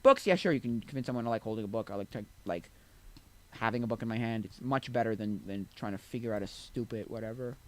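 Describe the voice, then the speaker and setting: A man's voice: fairly low pitch, fast, slight background noise, rough recording. A man chatting casually while streaming a game, rambling with many restarts and asides.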